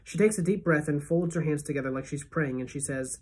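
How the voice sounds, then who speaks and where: A woman teacher reading a novel aloud to her class as a first-person narrator, steady and expressive. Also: low voice, fairly quick, breathy edge.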